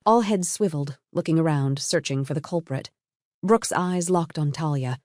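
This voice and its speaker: A woman narrating a first-person story in an even, scripted way. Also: lowish voice, moderate pace, no room sound, clean studio sound.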